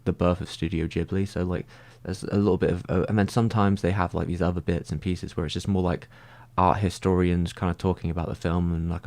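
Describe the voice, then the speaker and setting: A man with a deep, low-pitched voice chats casually on a livestream, working through viewer questions. He rambles, leans on "like" constantly, and restarts his sentences as he thinks aloud. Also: vocal fry, darkish tone. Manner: rambling, heavy use of "like". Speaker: streamer answering viewer comments.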